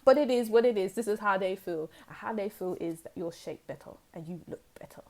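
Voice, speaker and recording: Animated young woman reading tarot. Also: medium pitch, a little fast. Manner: animated, emphatic, repeats phrases for stress. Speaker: tarot reader. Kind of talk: pick-a-card tarot reading.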